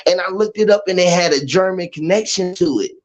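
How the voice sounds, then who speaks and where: Animated high-voiced man telling stories. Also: fairly quick. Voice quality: animated, profane, laughing often. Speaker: livestream host. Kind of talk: casual chat, storytelling. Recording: dull lo-fi stream audio.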